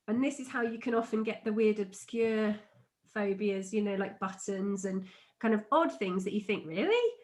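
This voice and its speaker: A middle-aged woman, an NLP trainer, explaining a method and telling a personal story in a chatty, animated way, laughing often. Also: on the high side. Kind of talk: teaching explanation with personal anecdote.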